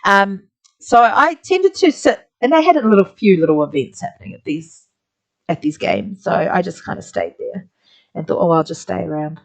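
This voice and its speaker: A woman's voice: mid-range voice, very animated, normal speed, vocal fry. A woman with a New Zealand accent, an art teacher chatting through a rambling story while she colours a drawing. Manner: chatty, rambling, many "like" fillers.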